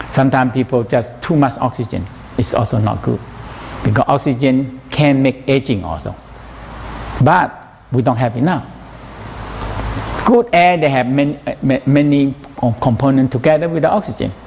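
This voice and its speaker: A man's voice: medium pitch, normal speed, gravelly, a little mellow, slight background noise. A man teaching a massage workshop in broken English, often asking "you know?".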